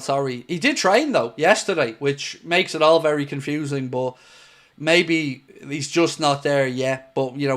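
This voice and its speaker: A man's voice: on the high side, fairly bright tone. An Irish man hosting a football watchalong stream, chatting casually and reading out viewer comments. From Ireland. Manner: chatty and jokey, calls viewers mate.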